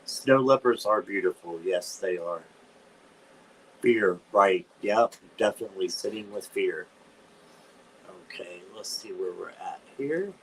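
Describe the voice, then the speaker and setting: A man's voice: sits low, unhurried, a bit bright, breathy edge. A man hosting a live-stream tarot reading, chatty and given to dramatic squeals of disgust. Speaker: tarot reader, channel host.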